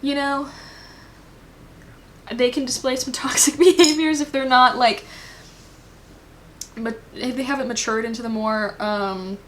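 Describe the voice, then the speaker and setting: A woman's voice: fairly high pitch, steady tone, a little slow, pauses often, slight background noise. A woman giving a casual pick-a-card tarot reading, rambling and thinking aloud with lots of fillers. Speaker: tarot reader.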